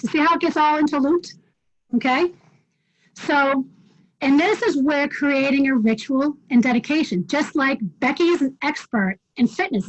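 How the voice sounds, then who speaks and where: High-voiced woman coaching over video call. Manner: direct, challenging, frequent "okay?" check-ins. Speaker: wellness coach teaching a class. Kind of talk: live online class talk. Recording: dull lo-fi video call audio.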